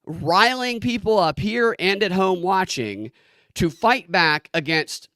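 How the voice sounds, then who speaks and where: A podcast host with a high, expressive, sharp-toned voice delivers sarcastic political commentary at a slow pace. He frequently stammers and restarts sentences, and the studio-quality audio has no echo.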